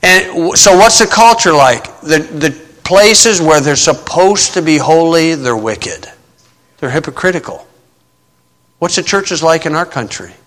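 A man's voice: fairly high pitch, expressive, measured pace, a bit bright. A man preaching a sermon in a plain-spoken way, with sarcastic asides and scripture quoted in mocking voices. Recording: long hall reverb.

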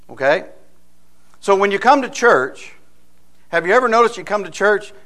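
Folksy preacher man, higher-pitched voice. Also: a bit bright. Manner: folksy and storytelling, with frequent rhetorical questions. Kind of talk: sermon.

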